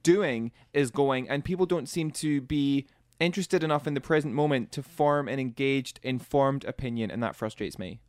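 A man's voice: mid-range voice, moderate pace, no echo. A man co-hosting a radio show in a studio, ranting in an opinionated, exasperated way in casual chat. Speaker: radio co-host.

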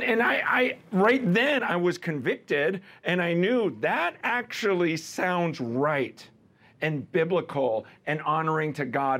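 Middle-aged guy preaching, chatty and lively, kinda husky voice, a bit high. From American. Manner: conversational, lively, laughs with the congregation. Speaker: pastor. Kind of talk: sermon.

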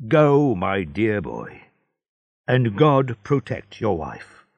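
A man voicing a kind old father in a storybook reading, gentle and slow. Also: on the low side, sing-song, no echo, dull audio, heavily acted.

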